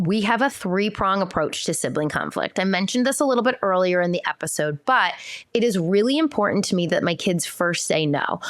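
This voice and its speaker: A woman in her thirties hosts a podcast in a casual, explanatory way. Her voice sits at an ordinary middle pitch and the sound is close and dry. She is animated, with fillers and quick acted-out quotes. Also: no room sound. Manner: chatty, filler "like" and restarts. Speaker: podcast host.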